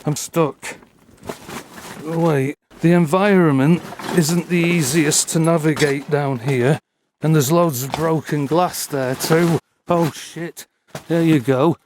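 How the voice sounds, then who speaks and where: A man with a voice on the high side and a steady, darkish tone speaks slowly as he explores a derelict building with a cellar and broken glass. The vlogger, out of breath and holding a torch, mutters wry asides into his handheld camera mic, which picks up a little hiss or hum.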